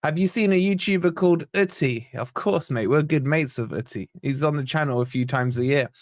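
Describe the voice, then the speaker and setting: Reading audience comments out loud, an English fan channel host keeps up excitable, chatty talk on his live football watch-along. He speaks briskly, pitched on the high side, and the clean studio recording has no room sound.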